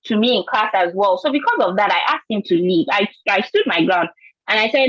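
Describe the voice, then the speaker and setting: A woman's voice: mid-range voice, lively intonation, a little fast, a bit bright, no room sound, highs cut off. A woman from Nigeria with a Nigerian accent, telling an earnest personal story on a panel and often repeating words. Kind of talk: panel discussion.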